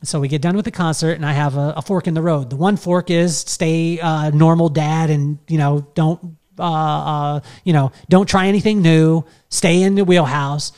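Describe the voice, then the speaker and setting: A man's voice: a little high, steady tone, moderate pace, hardly any pauses, a little mellow. A middle-aged man telling a long personal story in a casual, rambling way, full of fillers and restarts. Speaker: podcast host telling a story.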